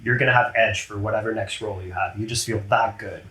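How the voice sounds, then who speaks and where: A man running a tabletop game as game master, chatty and quick to laugh. His voice sits low. He sounds like he is in a room with a clear, roomy echo. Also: steady tone, sharp tone. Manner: chatty, laughs often, slips into character voices.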